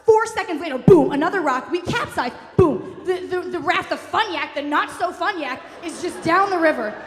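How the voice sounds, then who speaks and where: A woman telling a comic personal story on stage, fast, wry and profane, recorded in a live venue hall. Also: extremely high pitch, expressive. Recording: echoey hall, faint room noise.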